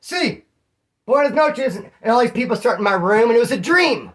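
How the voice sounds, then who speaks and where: A man's voice: extremely high pitch, expressive, fast talker, fairly bright tone. Slangy man telling prison stories. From California. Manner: slangy, rambling, calls listeners homeboy. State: throat issue, slightly hoarse. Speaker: vlogger. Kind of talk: casual storytelling to camera.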